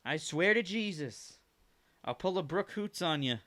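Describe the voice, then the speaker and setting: A man's voice: high-pitched, measured pace, no room sound. A man hosting a casual solo podcast from his home basement, joking around and swearing freely on a headphone-monitored mic. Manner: profane, joking, animated. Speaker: podcast host. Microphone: headphones and studio mic.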